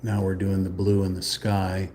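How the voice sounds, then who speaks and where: A man's voice: deep voice, completely flat delivery, normal speed, mellow, a little hiss or hum. A man hosting a live painting stream, rambling casually with sarcastic, mock-indignant asides. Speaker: channel host.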